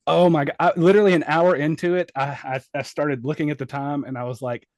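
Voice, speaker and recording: A man on a podcast tearing into a film in an exasperated, profane rant. His voice sits a touch high for a man, and the recording is close and dry, with no room sound. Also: fairly even intonation, quick pace, hardly any pauses, a little mellow, no echo. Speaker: podcast co-host. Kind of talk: casual film review chat.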